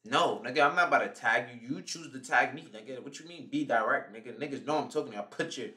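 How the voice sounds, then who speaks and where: A man's voice: mid-range voice, fast talker, sharp tone. A young man live streaming, roasting someone in a heated, mocking, profane rant. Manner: mocking, heated, swears constantly.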